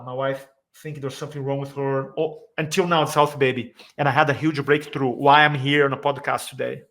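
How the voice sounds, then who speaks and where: A man's voice: mid-range voice, a bit bright. A man telling an emotional personal story as a podcast guest, acting out the voices he quotes, with slightly non-native grammar. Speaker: podcast guest, speaking coach. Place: San Diego area.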